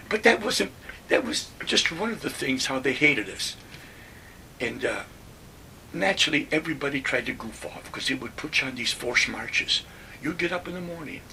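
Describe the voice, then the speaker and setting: A man in his nineties from Western New York telling his army stories in a plainspoken, animated way. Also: on the high side, vocal fry, distant mic, slight background noise. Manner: plainspoken, animated retelling with acted-out quotes. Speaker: WWII veteran telling war stories. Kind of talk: oral history storytelling.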